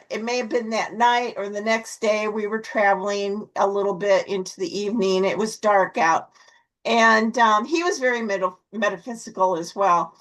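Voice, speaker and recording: Slow-talking woman telling a story. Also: low-quality recording. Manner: storytelling, acts out her own high excited voice in quotes. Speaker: guest telling a personal story. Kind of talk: casual video-call chat. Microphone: video call.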